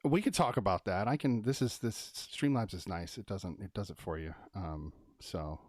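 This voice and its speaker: A man hosting a casual movie review live stream, thinking out loud and talking fast with lots of fillers. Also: deep voice, no echo, studio quality.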